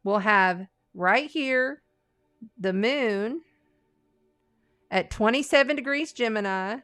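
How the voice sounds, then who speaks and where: A woman's voice: on the high side, takes it slowly, fairly bright tone, no echo, clean studio sound, faint music behind. A woman hosting a live astrology and tarot stream, talking in a chatty, rambling and folksy way. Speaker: astrology and tarot livestream host. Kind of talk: casual livestream chat.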